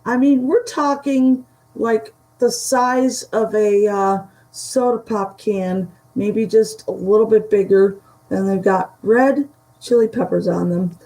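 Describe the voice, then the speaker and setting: A woman chatting casually through a vintage haul, halting and giggly, her voice starting to go from a dry throat. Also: medium pitch, fairly even intonation, mellow, poor audio. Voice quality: gravelly, slow and halting. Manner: chatty, giggly, trails off mid-sentence. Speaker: vintage reseller showing a haul. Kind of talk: casual chat to a live audience.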